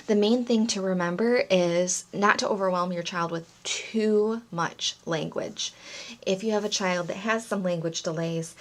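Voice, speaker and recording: A woman giving parents gentle, encouraging tips on reading aloud to toddlers, in an instructional talk. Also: mid-range voice. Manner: gentle, encouraging, breaks into playful sound demonstrations. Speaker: early childhood reading coach.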